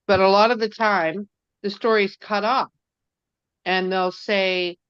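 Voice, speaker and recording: A woman's voice: mid-range voice, fairly even intonation, slow, fairly bright tone, smooth, dry recording. A woman on a video call, chatting casually, laughing easily and explaining things. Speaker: researcher friend on a video call. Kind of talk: casual chat. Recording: dry, muffled video-call audio.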